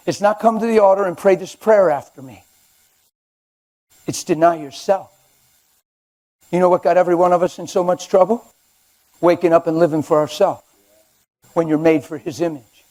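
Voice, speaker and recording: An older man preaching a sermon in a church, conversational and animated with sudden loud outbursts. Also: high-pitched.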